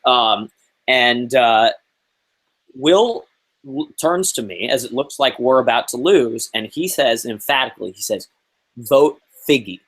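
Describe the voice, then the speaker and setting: On a chat show, a young guest in his twenties recounts a story at an unhurried pace, his voice at a normal middle pitch. He's animated and casual, using plenty of fillers and performing the quotes, and the recording is rough.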